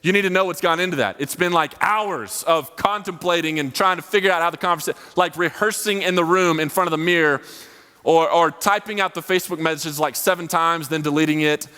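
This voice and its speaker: Young preacher in a reverberant hall. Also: male voice, a little high, brisk, sharp tone, smooth. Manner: casual, rambling storytelling with many fillers. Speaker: college ministry speaker. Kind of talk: sermon.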